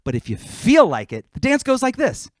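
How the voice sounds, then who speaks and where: A man's voice: extremely high pitch, normal speed, dry recording, clean studio sound. A man from Queens with a New York accent, joking casually with his audience and then rapping a comic song. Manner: animated, joking, rapping over a beat. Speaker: musician performing a livestream. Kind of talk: casual stage banter and rap performance. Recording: hip hop backing track behind the voice.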